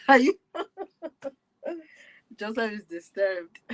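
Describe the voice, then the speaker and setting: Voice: mid-range voice, very animated, drawn-out words, fairly bright tone, poor audio. A person in the studio, teasing and laughing between words.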